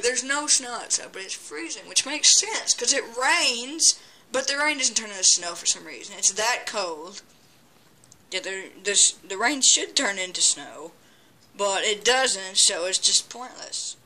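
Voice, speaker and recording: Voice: mid-range voice, animated, measured pace, sharp tone. A person giving casual gameplay commentary, rambling and chatty, with frequent stammers and restarts as they talk back at the game. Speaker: gameplay video maker.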